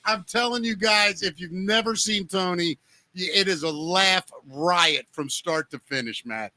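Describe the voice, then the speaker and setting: A man's voice: high-pitched, a little slow, bright, forceful tone, dry recording. A man hosting a podcast in casual, enthusiastic chat, hyping his guest and plugging shows. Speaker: podcast host.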